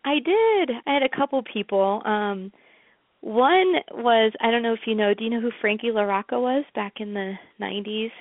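A woman's voice: on the high side, normal speed, no room sound. Chatty woman on a tinny line. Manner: chatty storyteller, many fillers. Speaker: interview guest. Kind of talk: casual interview chat.

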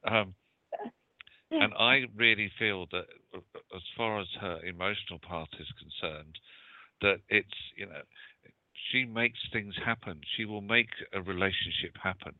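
Low-voiced British psychic medium, hesitant, on a dry, thin phone line. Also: male voice, unhurried, no echo. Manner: hesitant, many fillers. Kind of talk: casual call-in chat.

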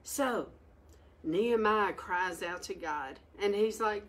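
Woman, Bible teacher, emphatic, exhorting, mid-pitched voice that jumps up. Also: expressive, a little slow, a little hiss or hum.

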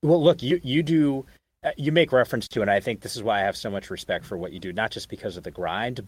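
A man's voice: fairly low pitch, husky, no room sound. A man hosting a podcast, talking earnestly in a casual interview. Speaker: podcast host.

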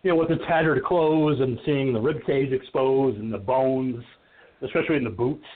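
A man's voice: medium pitch, normal speed. A man hosting a podcast, chatting casually about horror films and laughing often. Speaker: podcast host. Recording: phone-like call audio.

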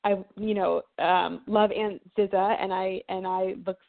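A woman's voice: mid-range voice, flat delivery, measured pace, gravelly. Enthusiastic woman host over a phone-like line. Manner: warm, enthusiastic, many fillers and laughs. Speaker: podcast host. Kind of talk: casual conversational interview. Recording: phone-like audio.

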